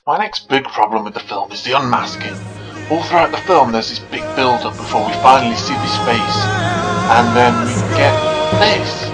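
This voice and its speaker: A man narrating a scripted film review in a sarcastic, animated, mocking way. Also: mid-range voice, normal speed, music in the background, rough recording.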